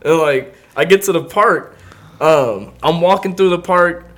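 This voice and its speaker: A young man tells a wild story with an easy, laughing delivery and a voice that sits a bit high for a man. He keeps breaking into laughter and acts out quick voices for the people in his tale. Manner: animated, laughing often, acts out quoted voices. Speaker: podcast host. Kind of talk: casual comedic storytelling.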